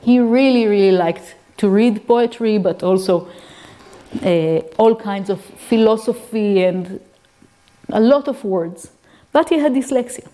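A woman's voice: mid-range voice, a little slow, warm tone. A woman lecturing on reading disorders, explaining step by step and checking in with her listeners. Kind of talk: academic lecture.

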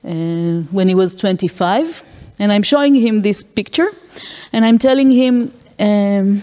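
A woman lectures in a mellow, dark-toned voice, working through examples and stopping on fillers. Her voice carries a long reverb, as in a large lecture hall. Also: mid-range voice, unhurried. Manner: explains with acted-out examples and frequent fillers. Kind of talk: academic lecture.

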